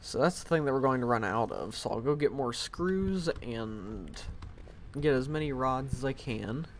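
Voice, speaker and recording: Casually commentating his live game stream from home, this man rambles and pokes fun at himself through a headset mic. He speaks at a moderate pace with animated delivery and medium pitch, over a faint hiss or hum.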